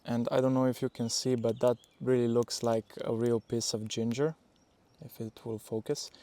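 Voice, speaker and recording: A man's voice: medium pitch, level tone, moderate pace, mellow. A young man talking earnestly and casually to camera in a vlog, with fillers and restarts. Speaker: powerlifting vlogger.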